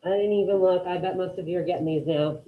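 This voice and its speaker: A woman's voice: on the low side, fairly even intonation, fast, narrow, tinny audio. A woman teaching an online Spanish class, encouraging her students and calling on them by name.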